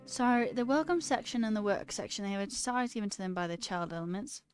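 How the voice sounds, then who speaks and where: Woman streamer coding and chatting, jokes at herself, swears a bit, soft music going in the back. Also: medium pitch, a little fast. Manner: chatty and self-mocking, swears freely. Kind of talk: casual livestream chat while coding.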